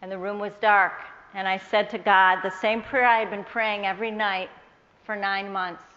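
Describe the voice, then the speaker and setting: A woman telling a personal faith testimony to an audience, earnest and measured, quoting the people in her story. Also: medium pitch, level tone, sharp tone, big-room sound, lo-fi sound. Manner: earnest, measured storyteller who quotes others in her tale.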